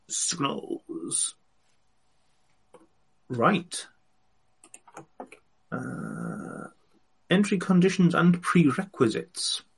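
Slow, gravelly man, hesitant. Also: medium pitch. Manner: hesitant, wry, many ums and uhs. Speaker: player. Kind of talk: casual tabletop game chat.

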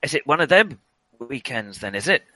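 A man's voice: mid-range voice, big pitch swings, normal speed, sharp tone, no room sound, voice pushed up. A man voicing a polite small-town railway station master in a put-on generic rural accent, chatty and obliging.

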